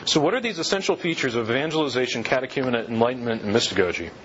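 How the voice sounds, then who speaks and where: A man's voice: medium pitch, animated, racing, fairly bright tone, muffled recording, a little hiss or hum. A man giving a classroom lecture on church history, talking conversationally and firing rhetorical questions at his listeners.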